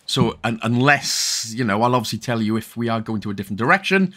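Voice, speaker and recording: A man's voice: mid-range voice, lively intonation, quick pace, pushed and bright. A young Welsh man giving casual, jokey, rambling commentary over a game walkthrough. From Wales. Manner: rambling, jokey, self-correcting.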